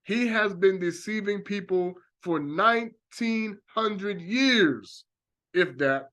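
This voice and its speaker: A man's voice: sits high, slow pace, pushed and bright. A man preaching a religious monologue, talking animatedly and acting out reactions with exclamations. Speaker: religious teacher.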